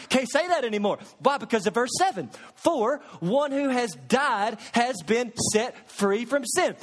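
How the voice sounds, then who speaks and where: High-pitched impassioned male preacher. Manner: impassioned preaching with wide swings between loud emphasis and hushed asides. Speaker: pastor. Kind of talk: sermon.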